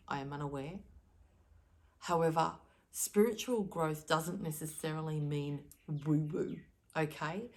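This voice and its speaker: Low-voiced woman giving earnest spiritual advice. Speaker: spiritual card reader. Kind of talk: direct-to-camera spiritual message.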